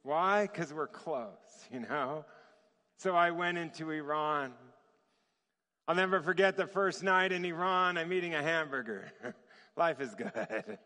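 A man preaching with a high, bright, forceful voice. He tells his sermon as a story, chuckles often and acts out the voices in it, while a long reverb from the hall trails behind him. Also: measured pace. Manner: lively, chuckles often, acts out quoted dialogue.

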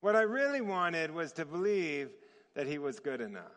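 A man delivers a sermon as a story at a normal speed, his high, bright voice forceful and lively. He chuckles often and acts out the voices of the people in it, while a long reverb from the hall trails behind him.

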